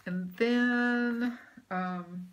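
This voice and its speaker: A woman's voice: a little high, steady tone, very slow, muffled recording, a little hiss or hum. A woman chatting casually at home about her stitching projects, rambling with lots of ums and restarts. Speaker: cross-stitch vlogger. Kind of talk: casual show-and-tell chat. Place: home room.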